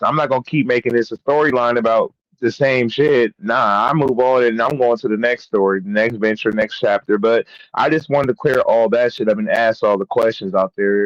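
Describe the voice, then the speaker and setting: Calm man on a dull, dry stream mic. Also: medium pitch, no room sound. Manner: calm, filler-heavy, reflective. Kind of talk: casual stream talk.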